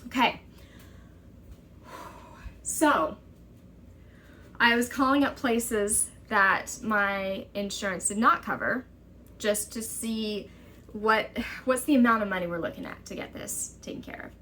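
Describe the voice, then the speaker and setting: Bright-voiced woman telling a story. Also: medium pitch, a little hiss or hum. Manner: urgent, exasperated retelling with quick quoted dialogue. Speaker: vlogger. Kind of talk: personal storytelling to camera.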